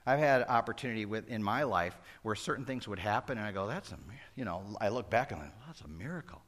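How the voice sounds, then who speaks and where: A middle-aged male pastor preaching a sermon, moving between loud exclamations and hushed asides. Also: on the low side, lively intonation, fast.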